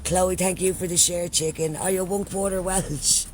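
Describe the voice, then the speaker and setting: A man's voice: high voice, fairly even intonation, moderate pace, a little hiss or hum. An Irish man chatting casually on a live stream, swearing freely and thanking followers by name. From Ireland.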